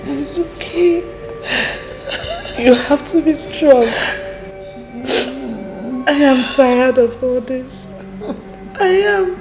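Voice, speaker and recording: A woman's voice: high voice, very slow, long pauses, exaggerated voice, poor audio. An actress playing a distressed young woman comforting her crying mother. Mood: soothing. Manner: soothing, tearful, pleading. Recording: music playing behind.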